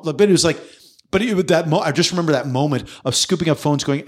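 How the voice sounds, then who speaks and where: A man's voice: a little high, fast talker, husky. A man hosting a podcast, telling a story in casual conversation, acting out the voices he quotes and swearing freely. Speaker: podcast host.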